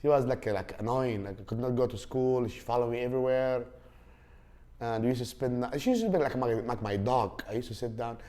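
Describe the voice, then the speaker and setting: A man's voice: medium pitch, brisk, warm tone. Rambling man. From Saudi Arabia. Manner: rambling, with many fillers and restarts. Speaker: podcast host. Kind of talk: casual storytelling.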